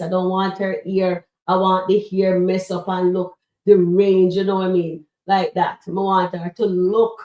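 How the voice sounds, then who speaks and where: A woman hosts a live stream reviewing comedy skits, chatting casually with viewers, calling them "guys" and using lots of fillers. Her lowish, darkish voice stays level, a little slow with hardly any pauses. The mic is distant, so she sounds set back in a roomy echo.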